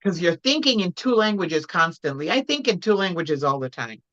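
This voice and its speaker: A woman from Puerto Rico chatting casually as a guest, telling stories in an animated way. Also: lowish voice, normal speed, highs cut off. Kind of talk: casual chat.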